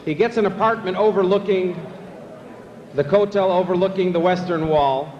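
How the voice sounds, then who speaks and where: A man emcees a banquet, telling jokes with relaxed, easy pacing. His voice sits slightly high. The hall gives a long echo, with faint room noise underneath. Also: normal speed, muffled recording. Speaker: master of ceremonies.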